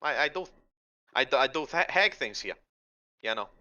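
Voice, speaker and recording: A man voicing a centuries-old female night hag in a put-on Boston accent, high-pitched, crude and brash. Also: animated, moderate pace, pushed and bright, lo-fi sound. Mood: breezy.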